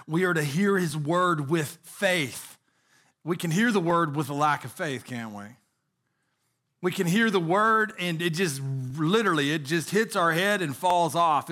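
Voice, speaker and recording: Pastor, male, middle-aged: high, sharp-toned voice, earnest sermon delivery with questions to the room. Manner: earnest preaching with rhetorical questions.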